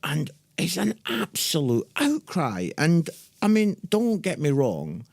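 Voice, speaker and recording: Male podcast co-host, animated and joking, swooping delivery, dry close sound. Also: a little high, gravelly, no room sound. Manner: jokey, animated, quick asides. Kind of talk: casual chat.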